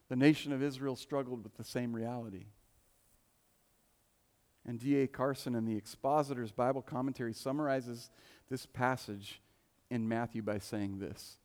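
A male preacher with a mid-pitched voice who talks through his sermon casually, asking the listeners questions as he goes. His voice carries through a large church with a long reverb tail. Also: darkish tone. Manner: conversational, rhetorical questions, restarts.

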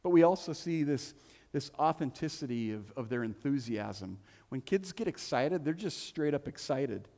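A man's voice: medium pitch, animated, moderate pace, gravelly, dark tone. A man preaching a sermon as a pastor in a church, conversational and joking, with playful asides. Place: church sanctuary. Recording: long reverb of a church hall.

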